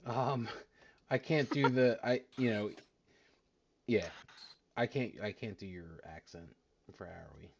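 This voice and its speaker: A man's voice: lowish voice, measured pace, gravelly, pauses often, dull audio, slight background noise. A man narrating as dungeon master on a live-streamed tabletop game, casual and rambling with fillers.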